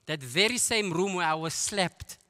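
A middle-aged South African man tells his testimony to a church men's conference, and his storytelling is lively, with quick asides. His voice sits a little high and sounds bright and forceful. It rings with the long reverb of a large hall. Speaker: guest speaker giving testimony. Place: church auditorium.

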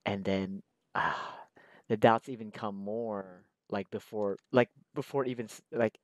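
Laid-back rambling man, low dry voice. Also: steady tone, a little slow, dry recording. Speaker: artist drawing on camera. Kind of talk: casual chat while drawing.

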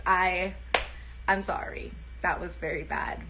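A woman's voice: mid-range voice, animated, a little slow, background noise. A young woman livestreaming casually, chatty, giggly and self-deprecating.

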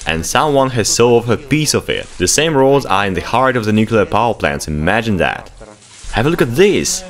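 Man, vlog host, excited running commentary, exclamatory, very animated pitch. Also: moderate pace. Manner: exclamatory, urgent, bossy when hurrying others. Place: abandoned underground laboratory, indoors.

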